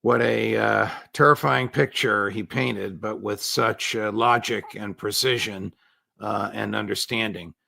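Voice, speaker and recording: A male host running a commentary interview in a formal, measured way, pausing on "uh" between phrases. His voice is gravelly, with a bright, forward edge. The sound is dry and close, with no room around it. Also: on the low side, steady tone, no echo. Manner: formal, measured, frequent "uh" fillers.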